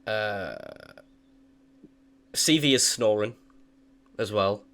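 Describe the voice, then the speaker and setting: Young male dungeon master, lowish voice, laid-back and halting. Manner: relaxed, hesitant narration, full of fillers. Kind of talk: narrating a tabletop game.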